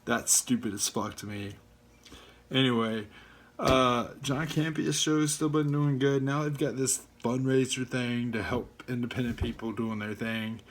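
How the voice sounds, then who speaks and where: A man ranting casually in a video blog from home, rambling and halting, with many fillers and swearing. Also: medium pitch, fairly even intonation. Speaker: fan vlogger. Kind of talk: casual rant.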